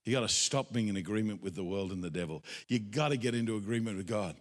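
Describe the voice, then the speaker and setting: A man preaching a sermon in an animated, dramatic way, acting out the voices of doubters. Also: lowish voice, quick pace. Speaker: pastor. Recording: echoey hall, long reverb.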